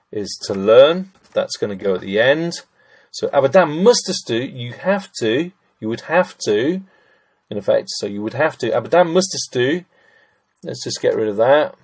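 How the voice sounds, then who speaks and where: A middle-aged man teaching German grammar, chatty and thinking aloud as he works through sentences, addressing listeners as ladies and gents. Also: on the low side. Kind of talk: screen-recorded grammar lesson.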